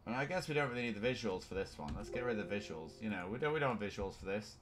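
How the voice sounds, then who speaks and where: A man, chatting excitably and rambling as he sets up a live game stream. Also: on the low side, racing, heavy background noise.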